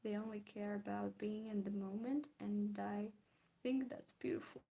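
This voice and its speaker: A woman's voice: medium pitch, steady tone, normal speed, gravelly, mellow, breathy edge. A young woman streaming while she draws, chatting casually with her viewers, giggling often and answering their comments. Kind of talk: casual chat while drawing.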